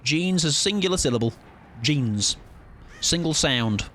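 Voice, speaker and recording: A man in his late twenties holds a casual live-stream chat with his viewers, his pitch swinging about animatedly. He is playful and argumentative, repeating words over and over to test how they sound. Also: animated, a little slow, fairly bright tone. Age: late 20s. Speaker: game streamer.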